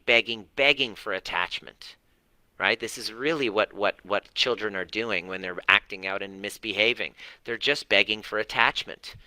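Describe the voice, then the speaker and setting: Earnest low-voiced man coaching parents. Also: bright, forceful tone, no echo. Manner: earnest, repetitive, mildly profane. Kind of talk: livestream talk to viewers.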